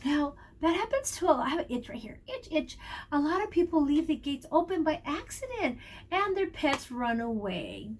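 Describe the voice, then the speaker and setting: A woman teacher with a high voice reads a picture book to young children at a normal pace. Her storytelling is warm and animated, and she stops to ask the kids questions as she goes.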